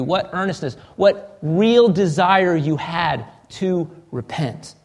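Earnest male preacher, soft and searching. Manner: earnest, repeats words when restarting, often drops to a soft low voice. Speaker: pastor. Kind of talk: sermon.

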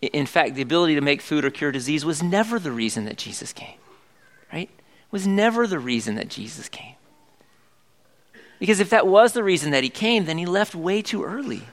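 A man's voice: a little high, expressive, brisk. A middle-aged man preaching a sermon in a conversational way, asking the congregation questions as he goes. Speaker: pastor.

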